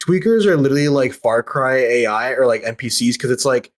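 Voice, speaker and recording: A young man telling a story in casual podcast chat over a voice call, rapid and profane, packed with fillers. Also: mid-range voice, animated. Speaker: podcast participant. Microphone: remote call over voice chat.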